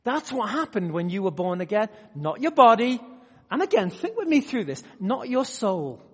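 A man preaching a sermon to a live audience, swinging between loud emphatic bursts and quiet asides and often putting questions to the room. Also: high voice, very animated, normal speed, slightly rough. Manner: asks the audience direct questions. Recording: long hall reverb.

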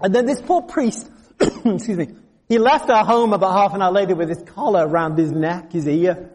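Male pastor, high voice, storytelling sermon with humor, long hall reverb. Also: normal speed. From England. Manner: storytelling with bursts of humor, animated asides.

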